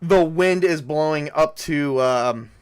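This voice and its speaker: A man running a tabletop game as game master. His voice sits a little high, and he rambles through his descriptions with plenty of ums and restarts. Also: slow, smooth. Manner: rambling, many fillers and restarts.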